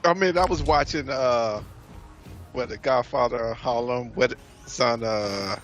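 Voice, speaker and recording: A man with a Southern US accent, mid-pitched and easygoing, chatting on a gaming stream. He talks in a hesitant way, pausing to search for words, with game music playing clearly behind him. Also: fairly bright tone. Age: adult. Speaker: guest co-host. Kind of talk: casual gaming commentary chat.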